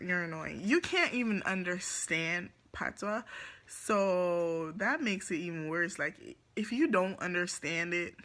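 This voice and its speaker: A woman's voice: lowish voice, sharp tone. A teenage girl from Jamaica with a Jamaican accent, telling a rambling storytime vlog full of fillers and giggles. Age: teens. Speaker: vlogger.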